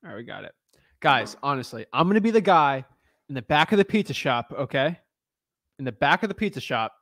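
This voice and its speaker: A man's voice: fairly high pitch, a little fast, no echo, studio quality. A man talking casually to his viewers, joking and thinking aloud as he browses listings. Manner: animated, joking, talks to himself. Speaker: real estate wholesaler. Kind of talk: casual vlog commentary.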